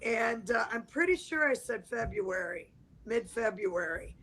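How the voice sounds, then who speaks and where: Higher-voiced woman explaining astrology. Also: expressive, measured pace, a bit bright, slightly rough, rough recording. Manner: explains in a rambling, conversational way. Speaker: astrology guest. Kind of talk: casual livestream chat.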